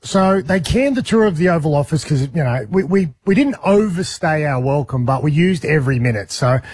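Australian male co-host, husky, a touch high, loose rambling yarn-spinner. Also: expressive, brisk, darkish tone, no echo, clean studio sound. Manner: rambling storyteller, laughs mid-story. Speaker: radio co-host reporting from abroad. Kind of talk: casual breakfast radio banter.

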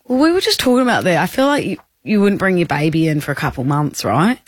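An Australian woman co-hosting a radio show, playful and quick, laughing often. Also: on the low side, big pitch swings, no room sound, clean studio sound. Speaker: radio co-host. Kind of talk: breakfast radio banter.

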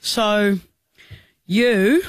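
Aussie radio co-host guy, high voice, acting all offended, dry mic. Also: very slow, no echo. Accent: Australian. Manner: mock-offended, complaining. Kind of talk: casual on-air banter.

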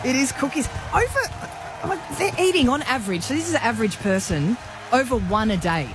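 Lively bubbly radio co-host woman. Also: on the high side, over music. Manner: bubbly, expressive, quick to laugh. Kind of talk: breakfast radio banter.

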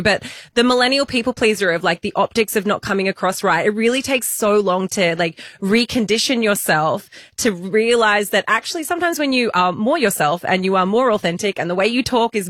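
A woman's voice: medium pitch, fairly bright tone, no room sound, studio quality. A woman in her thirties co-hosting a podcast, chatty and self-mocking, with lots of filler words. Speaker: podcast co-host. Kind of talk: casual chat.

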